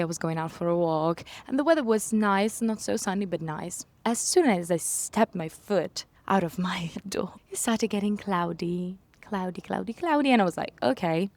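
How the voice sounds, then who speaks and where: A young woman telling a story in a casual vlog, animated, acting out her own quotes. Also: mid-range voice, moderate pace, few pauses, dry recording. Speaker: vlogger. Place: home in London.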